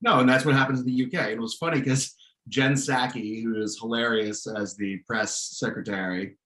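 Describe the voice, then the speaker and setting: A man's voice: medium pitch, fairly even intonation, moderate pace, fairly bright tone, echoey room, poor audio. A man co-hosting a podcast, talking casually in an opinionated, ranting way with frequent restarts. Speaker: podcast co-host. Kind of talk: casual chat.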